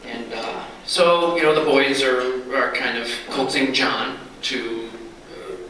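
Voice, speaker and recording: A man giving an after-dinner speech, telling a joke in a folksy, halting way, heard from far off in a large banquet hall. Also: medium pitch, sharp tone, a little hiss or hum. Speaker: speaker at a retirement dinner.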